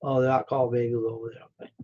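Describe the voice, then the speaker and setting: A man's voice: mid-range voice, level tone, rapid-fire, darkish tone. A man hosting a live stream, chatting casually with viewers in a rambling, friendly way full of fillers and repeats. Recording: dull lo-fi stream audio.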